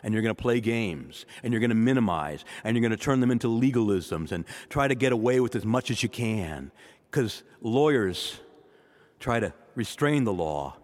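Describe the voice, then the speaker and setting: A man's voice: fairly low pitch, long reverb tail. A man, a priest, preaching a sermon and speaking directly to his congregation in church.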